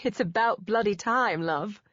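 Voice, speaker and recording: A woman's voice: mid-range voice, measured pace, fairly bright tone, no echo, pitched above the performer's own voice, natural voice. A woman voicing a glamorous, playful British diva with a British accent and a brassy, teasing manner. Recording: dull dry studio read.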